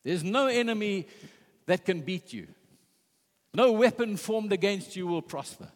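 A man's voice: high voice, animated, measured pace, big-room sound. A man preaching a sermon with passion, retelling scripture and quoting its figures. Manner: impassioned, retelling scripture with quoted voices.

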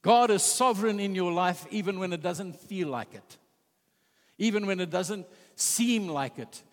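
Impassioned preacher, high voice, echoing hall. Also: male voice, unhurried. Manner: impassioned, retelling scripture with quoted voices. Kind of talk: sermon.

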